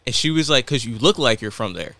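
A man's voice: medium pitch, fast. A young man co-hosting a podcast, chatting casually and acting out other people's lines as he tells stories. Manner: animated storyteller who acts out other people's lines. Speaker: podcast co-host. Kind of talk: casual chat.

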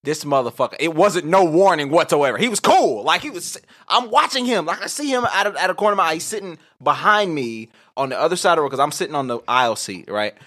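A man's voice: a little high, lively intonation, quick pace, few pauses, sharp tone. A man co-hosting a podcast, telling a story in casual, profane chat and laughing through it. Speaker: podcast co-host.

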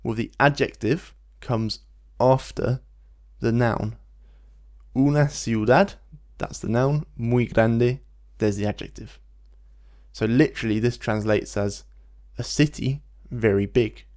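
A man's voice: medium pitch, steady tone, a little mellow. Man patiently teaching Spanish. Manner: explains patiently, slows down to model Spanish phrases. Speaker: language teacher. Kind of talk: relaxed podcast-style language lesson.

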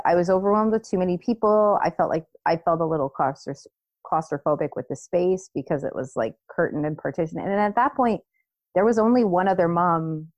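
A woman in her thirties telling a personal story in casual chat, animated, acting out what people said. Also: lowish voice, dry recording. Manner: animated storytelling, acts out quoted voices, laughs. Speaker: podcast co-host.

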